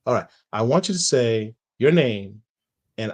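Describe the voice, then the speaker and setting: A man's voice: mid-range voice, sing-song, normal speed. A man hosting a casual online comics interview show, joking with his guest and plugging the channel. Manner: playful, hypes up the channel. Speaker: show host.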